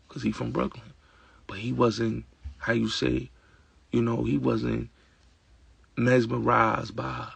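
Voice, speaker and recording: A man's voice: medium pitch, no echo. A man hosting his own show, talking in a casual, emphatic and streetwise way and repeating his points with lots of fillers. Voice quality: gravelly, raspy voice. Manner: emphatic, repetitive, streetwise talk. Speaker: show host. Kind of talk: casual opinionated monologue.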